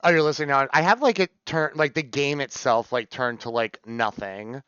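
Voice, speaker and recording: A young man streaming live, chatting casually and gushing with sudden shrieks of excitement. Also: mid-range voice, moderate pace, smooth, dry recording. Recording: slightly dull, dry sound.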